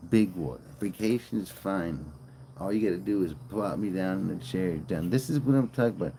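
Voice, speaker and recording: A man's voice: sits low, a little fast, dark tone, a little hiss or hum. A man streaming live, rambling and joking in casual chat and swearing freely.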